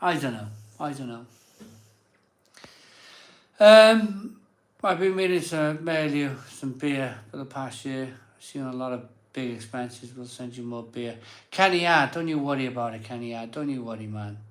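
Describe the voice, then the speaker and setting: A man's voice: mid-range voice, moderate pace, roomy sound. A slightly drunk man, hosting a live beer show in rambling casual chat. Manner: rambling and self-doubting, many fillers and restarts. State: a bit drunk.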